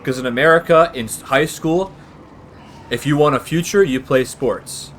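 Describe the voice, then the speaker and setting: A man's voice: fairly high pitch, moderate pace, fairly bright tone, a little hiss or hum. Rambling man commentating gameplay. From Canada. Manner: chatty, drifts into rambling tangents. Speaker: gaming channel host.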